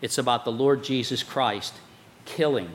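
A man preaching a sermon as a pastor, animated and emphatic. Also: mid-range voice, unhurried, a little hiss or hum. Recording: long hall reverb.

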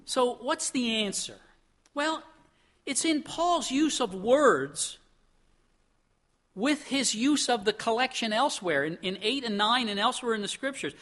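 A man's voice: very high-pitched, a bit bright. A middle-aged male pastor preaching a sermon in a conversational, storytelling way, with chuckles.

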